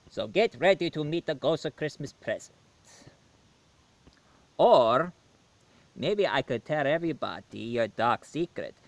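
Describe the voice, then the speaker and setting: A man voicing a gloating male vampire who speaks low and slyly in a comedy sketch. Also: a bit bright, no room sound. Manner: teasing, threatening to spill secrets.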